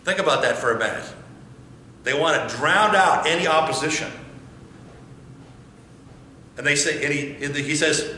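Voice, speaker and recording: A male pastor preaches with a bright, cutting tone, firing rhetorical questions and hammering phrases through repetition. His voice rings around a very echoey church sanctuary. Faint noise sits underneath. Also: a little high, moderate pace, long pauses. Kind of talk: sermon.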